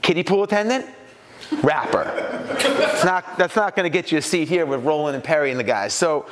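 Animated man telling stories on stage. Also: fairly high pitch, a little fast, big-room sound, noisy background. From New York. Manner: animated, acts out quoted voices. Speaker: speaker at a business mastermind. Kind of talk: storytelling keynote talk.

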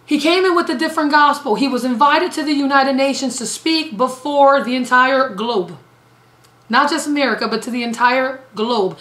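A woman's voice: high voice, fairly bright tone. A woman evangelist preaching a sermon emphatically, repeating phrases for stress. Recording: roomy echo.

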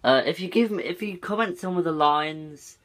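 A man's voice: fairly high pitch, expressive, normal speed, fairly bright tone. Young man rambling on a casual vlog. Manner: rambling, swears often. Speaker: YouTuber.

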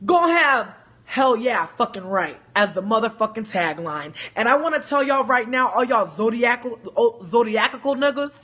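New lady ranting on a stream, crisp bright voice, cussing n joking. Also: fairly high pitch, moderate pace, hardly any pauses. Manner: animated, profane, joking storyteller. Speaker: livestream host. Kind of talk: casual storytelling livestream.

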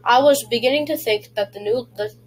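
A woman reading a children's chapter book aloud, in a halting way with frequent slips and restarts. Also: fairly high pitch, a little hiss or hum, low-quality recording. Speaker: reader.

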